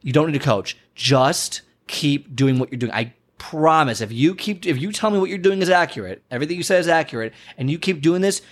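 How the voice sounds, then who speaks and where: A young male fitness coach talks straight to camera in a motivational style, with a fairly high-pitched voice. He speaks with emphasis and circles back to repeat his points. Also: fairly quick, few pauses. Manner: animated, emphatic, repeats phrases.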